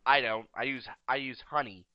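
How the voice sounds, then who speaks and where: A man's voice: mid-range voice, fairly even intonation, moderate pace. An American man interviewing a guest in a casual, joking chat, laughing often as he riffs on bits. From United States. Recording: dry, dull lo-fi sound.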